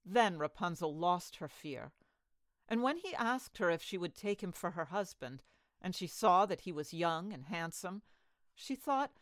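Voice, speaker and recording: A woman reading a fairy tale aloud as a storyteller, with an expressive storybook delivery. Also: fairly low pitch, a little slow, dry recording.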